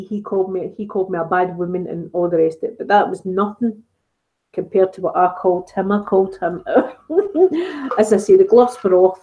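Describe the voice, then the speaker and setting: Chatting on a live stream for her ASMR channel, a middle-aged woman with a Scottish accent tells stories and laughs often. She has a medium-pitched voice, and the audio is narrow and tinny.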